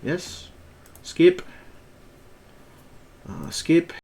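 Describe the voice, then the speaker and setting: Guy streaming, angry and cussing nonstop, voice jumping all over, kinda high. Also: sing-song, very slow, creaky, darkish tone, slight background noise. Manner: angry, profane ranting. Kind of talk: live stream chat.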